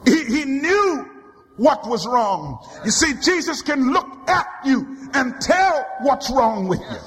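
A man preaching a sermon from the pulpit, building rhythmic repeated refrains that swell into shouts. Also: very high voice, sing-song, slow, slight background noise. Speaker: pastor. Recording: long hall reverb.

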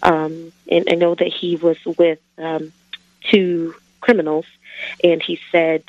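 A woman caller on a radio phone-in, asking a Bible question hesitantly with many pauses. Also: low voice, level tone, no room sound. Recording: dull phone-in line.

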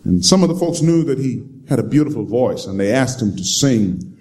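A man's voice: medium pitch, expressive, moderate pace, a little mellow. A man preaching a sermon, telling stories and repeating his key lines emphatically to the congregation. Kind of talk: sermon storytelling.

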